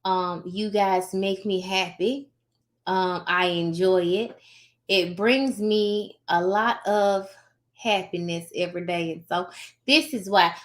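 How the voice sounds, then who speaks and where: A woman's voice: fairly low pitch, fairly even intonation, slow pace. A woman with a put-on Southern US accent, chatting casually to her live-stream viewers, emphatic and talkative and often tagging on a questioning "okay?". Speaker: notary host of a live stream.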